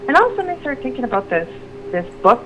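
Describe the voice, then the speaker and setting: A woman's voice: fairly high pitch, rapid-fire. A middle-aged woman telling a personal story as a radio guest, rambling and restarting her sentences. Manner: rambling, restarts sentences, animated when quoting others. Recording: lo-fi with noticeable background noise.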